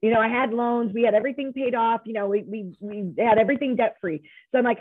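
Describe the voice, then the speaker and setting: A woman's voice: on the high side, quick pace, no room sound. A middle-aged woman, a nonprofit founder, telling her story emphatically as a guest in an interview. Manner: emphatic, storytelling, frequent restarts. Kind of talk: interview conversation. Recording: tinny dry phone line.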